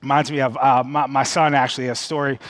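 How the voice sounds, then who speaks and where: A man's voice: medium pitch, little pitch movement, quick pace, fairly bright tone, no echo. Man, middle-aged pastor, conversational sermon, stammering restarts, dry sound. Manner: stammering restarts, frequent "okay?" check-ins.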